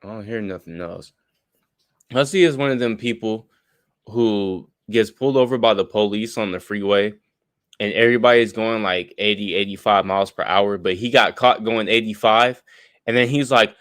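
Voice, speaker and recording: A man's voice: fairly low pitch, moderate pace, fairly bright tone, dry recording, clean studio sound. Blunt man lecturing on a stream. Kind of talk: opinionated commentary on a live stream.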